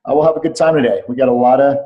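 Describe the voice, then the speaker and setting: A man's voice: mid-range voice, fairly even intonation, racing, dull audio. A middle-aged man on a remote call, telling a personal story earnestly as a podcast guest, repeating phrases for weight. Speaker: podcast guest, clinic doctor.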